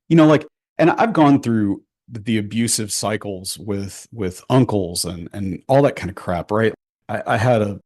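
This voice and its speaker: Man, lowish voice, blunt and profane, animated storytelling, podcast guest. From Houston, Texas. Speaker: podcast guest, photographer and realtor. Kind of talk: candid personal storytelling. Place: podcast studio.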